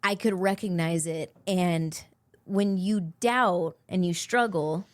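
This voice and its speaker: A woman speaking as a podcast guest, talking in a thoughtful, measured, faith-focused way. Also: fairly low pitch, no room sound. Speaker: podcast guest, host's wife. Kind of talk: reflective podcast conversation.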